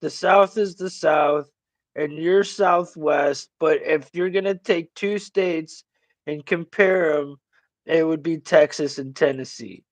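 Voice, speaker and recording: A man with a high voice, teasing and ribbing in slangy banter during a laid-back chat. His voice sounds dry and close to the mic. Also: takes it slowly, no room sound. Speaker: guest. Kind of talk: casual chat.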